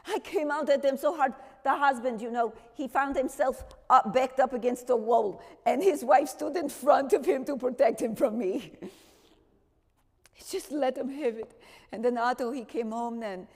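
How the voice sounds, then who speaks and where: A woman's voice: high voice, a little slow. A woman performing a theatrical monologue, playing a spirited woman who tells her story straight to an audience in a church, with the long reverb of the hall. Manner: animated, direct storytelling to an audience. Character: spirited woman recalling her wartime past. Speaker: stage actress in a one-woman show.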